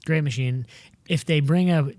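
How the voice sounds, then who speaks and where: A young adult man recounting a story in loose, animated podcast chat. His voice sits a little high, and he swears freely and keeps calling people "dude." The sound is dry and close, with no room around it. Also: moderate pace, dry recording. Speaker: podcast regular. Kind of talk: casual storytelling.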